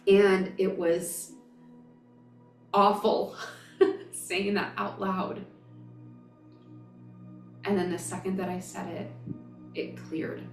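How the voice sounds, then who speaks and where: A woman's voice: mid-range voice, flat delivery, extremely slow, pauses often, roomy sound, recorded from a distance, soft background music. A woman in her thirties, a spiritual vlogger, telling a personal story in an emotional, emphatic, gushing way.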